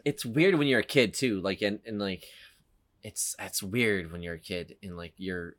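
A man's voice: fairly low pitch, normal speed, fairly bright tone. A man hosting a casual movie podcast, rambling with many fillers and restarts. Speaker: podcast host.

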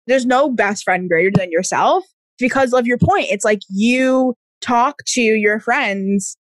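A woman's voice: fairly high pitch, unhurried, no echo. A woman in casual podcast chat, earnest and full of filler words.

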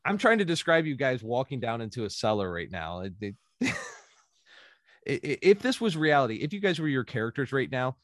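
A man's voice: mid-range voice, big pitch swings, a little fast, dry recording, clean studio sound. A man narrating as game master in a loose, chatty way, often laughing and correcting himself.

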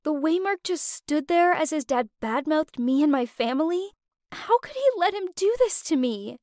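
High-voiced young woman narrating a story. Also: moderate pace, no room sound, studio quality. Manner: emotional, expressive storytelling. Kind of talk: first-person story narration.

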